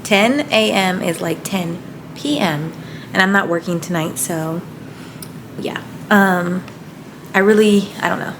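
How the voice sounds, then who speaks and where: A woman's voice: a little slow, reverberant. Chatty young woman vlogging over noise. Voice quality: giggly and excitable, voice jumps high when moved. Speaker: night-shift hospital nurse. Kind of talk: casual vlog to camera. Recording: noisy background hiss.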